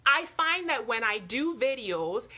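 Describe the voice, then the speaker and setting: A woman's voice: on the high side, big pitch swings, unhurried, bright, forceful tone. A young woman from the US Virgin Islands with an island accent, chatting animatedly to viewers on a Facebook Live from her home staircase. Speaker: vlogger. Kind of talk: casual Facebook Live chat.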